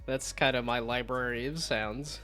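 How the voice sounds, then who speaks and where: Man streamer, casual chat, rambling and self-mocking, laughs a lot, mid-pitched voice, faint music behind. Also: fairly even intonation, normal speed, bright, forceful tone. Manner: tries silly high whoops. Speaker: streamer and game developer.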